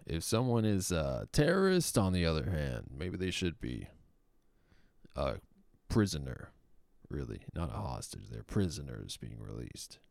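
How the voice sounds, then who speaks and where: A man's voice: extremely low pitch, creaky, a little mellow, no echo. A man delivering a sarcastic, opinionated commentary monologue with mocking, profane asides. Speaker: political commentator.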